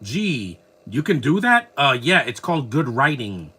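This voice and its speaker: A man's voice: medium pitch, very animated, unhurried, pushed and bright, slightly rough. A man giving casual, opinionated commentary while watching a film, rambling and restarting his sentences.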